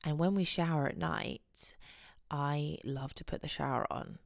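Gravelly low-voiced woman podcast host. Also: measured pace, no echo, studio quality. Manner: chatty, giggly, rambling storytelling. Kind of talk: casual chat.

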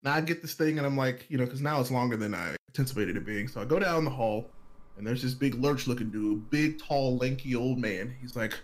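A man casually telling a personal story on a podcast, animated, acting out other people's lines and laughing often. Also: mid-range voice, a little fast.

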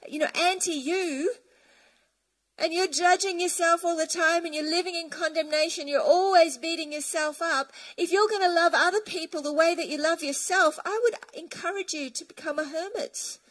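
A woman's voice: extremely high pitch, normal speed, poor audio. A woman preaching a sermon emphatically, reading scripture aloud.

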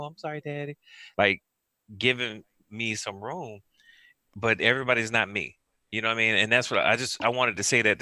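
Animated, low-voiced man chatting. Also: no echo. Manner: animated, laughing storyteller. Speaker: podcast co-host. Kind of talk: casual chat.

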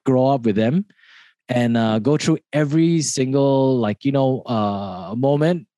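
A man's voice: mid-range voice, unhurried, mellow, no echo. A man in his thirties with a Malaysian accent, a podcast guest chatting casually, rambling with many restarts and laughing often. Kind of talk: casual interview chat.

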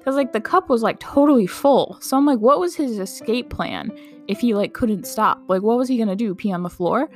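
A woman's voice: a little high, lively intonation, brisk, soft background music. A young woman who works in a medical clinic tells a casual personal anecdote, chatty and incredulous, saying "like" often and laughing through it.

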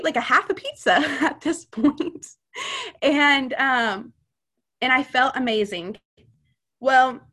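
As a podcast guest, a woman recounts a personal testimony, earnest and chatty, her sentences running on with fillers. Her voice is mid-range and a bit bright.

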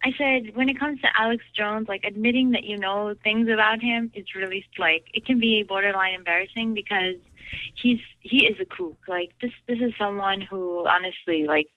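A woman's voice: mid-range voice, moderate pace, no room sound, narrow, tinny audio. A woman caller chatting casually, rambling and giggling, with lots of fillers. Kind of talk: casual chat.

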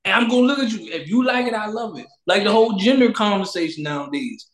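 High-voiced man in an echoey room. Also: lively intonation, fast. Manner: loose, preachy, repeats catchphrases. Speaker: podcast host. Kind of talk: casual chat.

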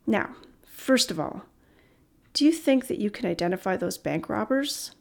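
A woman reading the lines of a measured, reassuring young police officer in a storybook. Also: medium pitch, lively intonation, gravelly. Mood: calm. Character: calm, kind young policewoman.

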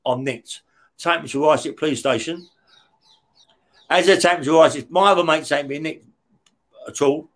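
A man telling stories as an interview guest, blunt and rough-spoken, swearing heavily and tagging his lines with "yeah?". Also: on the high side, normal speed, long pauses. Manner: heavy swearing, frequent "yeah?" tag questions. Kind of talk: casual storytelling.

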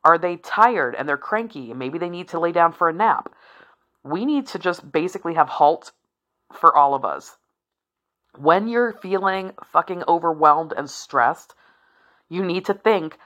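Low, bright-toned woman in her forties. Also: lively intonation, unhurried, dull audio. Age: 40s. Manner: frank and profane, rambling with laughs. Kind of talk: candid solo talk.

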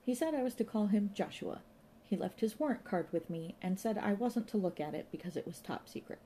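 A woman's voice: medium pitch, expressive, brisk, dark tone, slight background noise, voice pushed up, close to an everyday voice. A woman doing a breezy, gossipy receptionist. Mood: chatty. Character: chatty flirtatious female museum shop receptionist.

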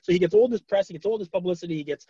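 Chatty man with a slightly higher voice. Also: very fast, husky, dry recording, lo-fi sound. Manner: chatty, many fillers, animated retelling of stories. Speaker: podcast co-host. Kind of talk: casual chat.

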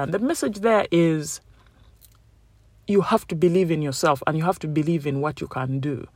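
A woman's voice: sits low, dry recording. Upbeat chatty woman vlogger. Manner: upbeat and chatty, acting out quotes. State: tired after running. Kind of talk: casual motivational talk to viewers.

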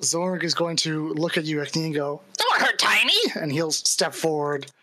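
Woman dm, low voice, dry close mic, casual and chatty. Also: steady tone, moderate pace, a bit bright, dry recording. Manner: casual, laughing, describes the action plainly. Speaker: dungeon master. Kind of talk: narrating a tabletop game live.

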